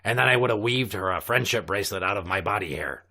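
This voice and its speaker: A man playing a crude gravelly pirate captain. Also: fairly low pitch, animated, fast talker, sharp tone, exaggerated voice. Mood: crude bragging. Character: crude salty male pirate sea captain. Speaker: recurring comedy character. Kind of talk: improvised comedy podcast banter.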